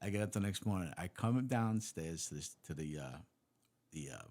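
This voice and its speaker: A man's voice: deep voice, moderate pace. A man, a former police officer hosting and sharing stories. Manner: relaxed recollection with street-by-street detail. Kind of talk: casual storytelling.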